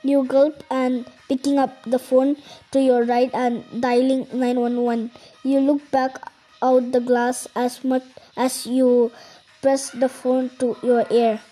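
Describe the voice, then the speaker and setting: Young woman, high voice, mellow tone, slow careful reading, podcast co-host. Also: little pitch movement, poor audio. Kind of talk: casual chat and reading aloud.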